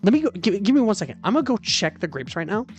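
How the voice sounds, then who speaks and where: A woman's voice: mid-range voice, big pitch swings, fast, a little mellow, faint music behind. A woman streamer telling a story in a casual chat stream from a hotel room, exasperated and dramatic, swearing freely.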